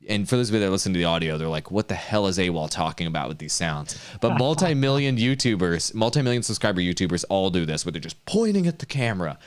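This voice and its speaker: A man coaching streamers in a casual chat, energetic and quick to act out hyped examples. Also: lowish voice, clean tone.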